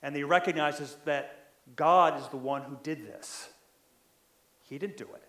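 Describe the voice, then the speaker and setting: A man preaching in a loose, conversational way, slightly higher-pitched than most men. He keeps asking his listeners whether they follow and builds up in force as he drives a point home. His voice rings in a roomy, echoing space. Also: a little slow. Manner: animated, builds in loudness when stressing a point. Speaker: pastor. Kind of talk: sermon.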